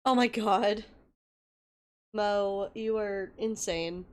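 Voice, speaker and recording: A woman's voice: medium pitch, steady tone, extremely slow. A young woman chatting casually with her viewers as a livestreamer, telling stories and swearing freely. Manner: chatty storytelling with frequent swearing; greets viewers by name.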